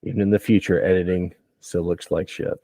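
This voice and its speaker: Deep-voiced male game master, laughing. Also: a little fast, no echo. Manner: laughs often, relaxed banter. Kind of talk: narrating a tabletop game.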